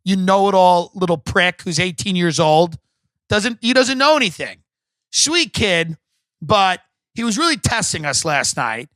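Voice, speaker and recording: Male podcast host, high bright voice, profane sarcastic rambling rant, close dry sound. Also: very animated, measured pace, no echo. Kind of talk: comedic ranting monologue. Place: home podcast set.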